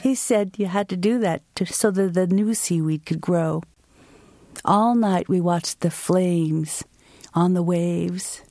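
A woman's voice: lowish voice, dry recording, clean studio sound. A woman from the United States telling a vivid personal story and answering interview questions, acting out the quotes. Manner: slow, vivid, expressive delivery with acted-out quotes.

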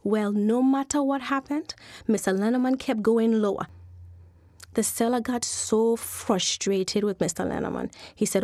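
A woman storyteller, telling a folk tale with lively, dramatic pacing. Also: on the high side, unhurried, dry recording, clean studio sound. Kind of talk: animated oral folk storytelling.

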